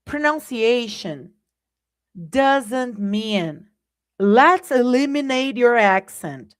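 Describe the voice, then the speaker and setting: Drawing out her words in a slightly high, animated voice, a Brazilian Portuguese-accented woman leads a live-streamed English class. She keeps it conversational, calls her audience "guys," and often checks in with "right?"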